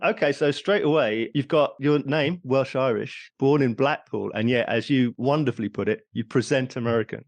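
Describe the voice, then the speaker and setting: A man's voice: medium pitch, moderate pace, few pauses. A man hosting a comedy podcast, introducing his guest and asking questions in a friendly way. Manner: friendly, brief backchannels and laughs. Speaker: podcast host. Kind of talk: podcast interview.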